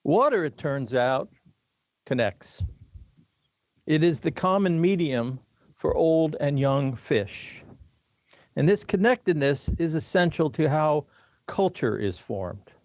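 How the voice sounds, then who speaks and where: An older man giving a formal commencement address in a measured, deliberate way with dry humor. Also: fairly high pitch, lively intonation, a little mellow. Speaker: commencement speaker.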